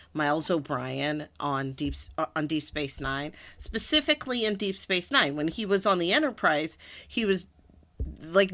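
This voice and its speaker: A woman's voice: sits low, bright, forceful tone. A woman co-hosting a casual livestream chat, chatty and often trailing off while she searches for words. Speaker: co-host.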